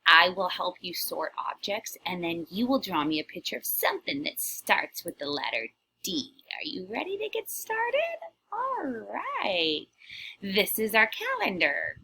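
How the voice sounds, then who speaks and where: Brief: woman playing a cheerful witch teacher for a kids' lesson, husky voice, slow and wildly swooping sing-song. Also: mid-range voice, very animated, pushed and bright, heavily acted. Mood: playful. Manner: sing-song, gasping, dramatic whispered asides. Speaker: kindergarten teacher. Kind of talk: children's lesson in character.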